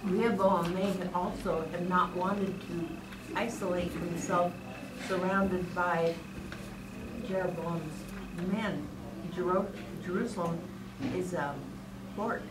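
A woman's voice: on the low side, steady tone, slow. A woman in a Sunday school class offering a hesitant, thoughtful comment. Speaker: class member. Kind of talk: class discussion. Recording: echoey room, far from mic, hiss.

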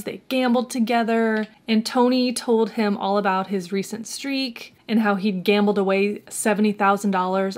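A woman hosting a true crime channel, telling the story like she's chatting with a friend. Her voice sits in a middle register, and she drops sarcastic, mocking remarks along the way. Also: mid-range voice.

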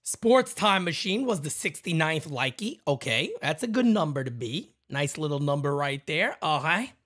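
A man hosting a fan livestream, calling a baseball game pitch by pitch in a casual, excitable way and chatting with viewers between plays. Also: normal speed. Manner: excitable, jumps to loud calls on big plays. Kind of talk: casual play-by-play with chat shout-outs.

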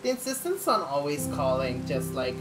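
A woman's voice: sits low, big pitch swings, normal speed, over music. A young adult woman streaming, chatting casually and venting candidly, rambling with frequent laughs. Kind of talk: casual live-stream chat.

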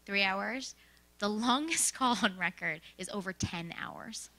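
A young woman giving a casual, animated talk about her work, telling stories and often checking in with "right?" and "like". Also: mid-range voice, a little slow. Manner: animated storytelling with frequent "right?" and "like". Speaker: presenter sharing work experience. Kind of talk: conversational presentation.

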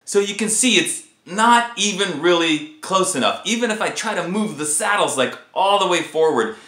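A man hosting a casual guitar vlog, ranting in an animated, exasperated way about a faulty guitar. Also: high voice, moderate pace, reverberant. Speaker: guitar video host.

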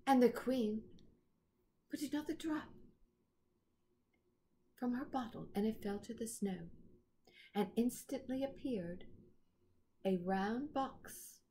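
A woman narrates a children's storybook at a very slow, deliberate pace, taking care over each phrase. A faint hiss runs under the recording. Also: a little high, mellow. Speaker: reader. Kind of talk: storybook read-aloud.

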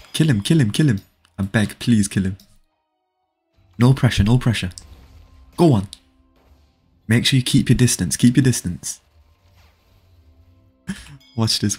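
A young man in his early adult years is live-streaming a game, his medium-pitched voice slightly rough. Excitable, he laughs, pleads with a friend to fight, and addresses chat. Soft music plays behind him.

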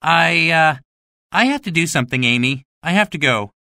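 A woman's voice: low voice, lively intonation, moderate pace, gravelly, sharp tone, no echo, studio quality, heavily acted. A woman reading a storybook, voicing a boastful young schoolboy who brags about being a pirate. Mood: awkward. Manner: swaggering, bragging.

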